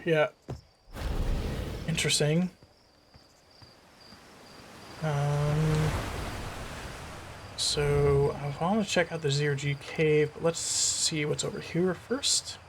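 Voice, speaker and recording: Guy with a fairly high voice talking to himself while playing a game, curious, lots of ums. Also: steady tone, slow pace, long pauses, noisy background. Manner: musing, thinking aloud with fillers and trailing questions. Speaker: let's play host. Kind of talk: casual gameplay commentary.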